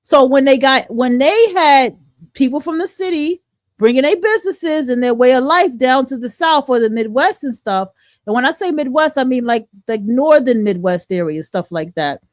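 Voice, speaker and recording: Woman host from the northern US with a slightly high voice. Chatty, and she restarts her sentences often. Dry, close recording. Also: expressive, normal speed, no echo. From northern United States. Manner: conversational, explaining with many restarts. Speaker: podcast host. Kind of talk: livestream commentary.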